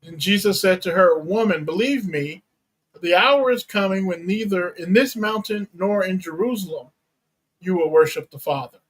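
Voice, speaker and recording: A pastor giving a teaching sermon, reading and explaining Bible verses in a deliberate way and unpacking Greek words. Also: male voice, high-pitched, poor audio. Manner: slow, deliberate Bible exposition with Greek terms.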